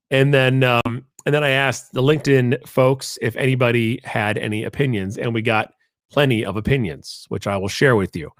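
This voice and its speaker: Male live-stream host, casual and rambling, average pitch, dry close sound. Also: no echo. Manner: casual, chatty, with frequent fillers and asides. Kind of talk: live-streamed marketing talk show. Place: home in Connecticut.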